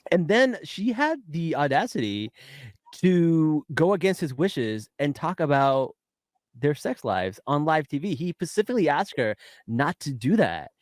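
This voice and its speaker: A man co-hosting a casual TV recap podcast, animated and often laughing through his sentences. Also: fairly high pitch, unhurried, dry recording. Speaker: podcast co-host. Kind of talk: casual pop-culture recap chat.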